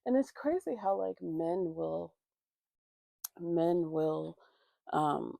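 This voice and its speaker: Woman vlogger, very fry-heavy low voice, profane heated storyteller, dry phone sound. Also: mellow, dry recording. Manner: profane, heated venting with constant fillers. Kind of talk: casual storytime. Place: indoors at home getting ready.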